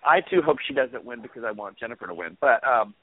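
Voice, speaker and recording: A man talks quickly and chattily, wandering from one story to the next as a podcast co-host. His voice comes through a thin, phone-like line with a dry, close sound. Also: medium pitch, animated, dry recording. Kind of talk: casual chat.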